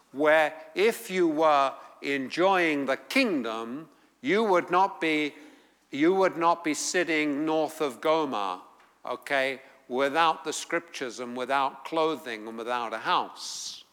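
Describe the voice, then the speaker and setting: A man with an English accent, from England, teaching a Bible class, reading scripture aloud and explaining it in a deliberate way. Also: on the high side, sharp tone, long reverb tail.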